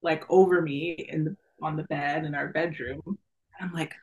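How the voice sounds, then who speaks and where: A middle-aged woman, a guest in an interview, telling a personal story in a lively, casual way, laughing often and acting out the voices of the people in her story. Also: sits low, normal speed, rough recording. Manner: animated, laughs often, acts out quoted voices.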